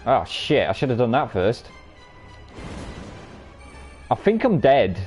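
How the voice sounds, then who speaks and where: A man's voice: mid-range voice, very animated, takes it slowly, a little mellow, soft background music. A man streaming a card game live, commenting on his plays and bantering with viewers while cursing freely. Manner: banter-filled, swears freely, teases chat.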